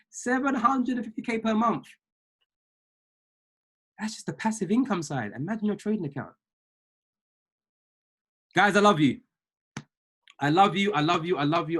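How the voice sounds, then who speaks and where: A man's voice: fairly high pitch, a bit bright. A man, a trading mentor giving a fired-up motivational talk on a group call, repeating phrases like a preacher.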